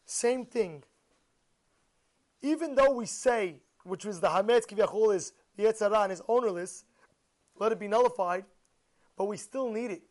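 Rabbi, male, very high voice, animated sermon storyteller, keeps quizzing the audience.

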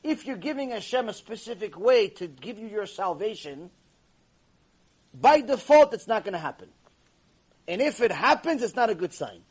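A man teaching a Torah class to a live audience, telling stories in an animated way and using many Hebrew terms. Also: high voice, moderate pace, breathy edge.

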